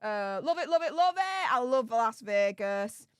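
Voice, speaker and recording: Bubbly high-voiced Yorkshire woman. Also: lively intonation, a little slow, smooth, dry recording, studio quality. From England. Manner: bubbly and effusive, greeting viewers with "hey up". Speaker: livestream host. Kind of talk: casual livestream chat with viewer shout-outs.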